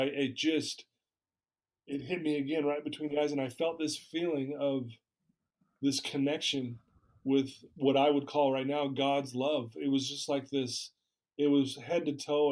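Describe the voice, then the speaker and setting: A man's voice: mid-range voice, darkish tone. A man guest in an interview, candidly telling a personal story and acting out the dialogue he recalls. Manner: candid, acts out quoted dialogue.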